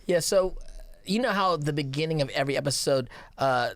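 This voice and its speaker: A man's voice: on the high side, a little fast, a bit bright, no echo. A man co-hosting a podcast in a laid-back, conversational way. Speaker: podcast co-host. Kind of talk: casual chat.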